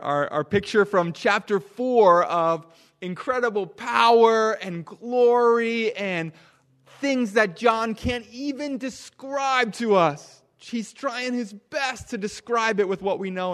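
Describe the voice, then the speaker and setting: A man with a fairly high voice leads a children's sermon. He talks with lively swings in volume, from near shouts down to a hushed murmur. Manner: animated, drops to a hush for emphasis. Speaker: pastor.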